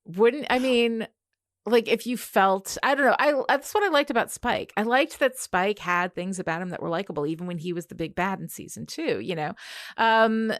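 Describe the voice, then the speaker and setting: A woman's voice: medium pitch, expressive, normal speed, no echo, studio quality. A woman co-hosting a podcast in casual chat, emphatic and thoughtful, with many fillers. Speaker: podcast co-host.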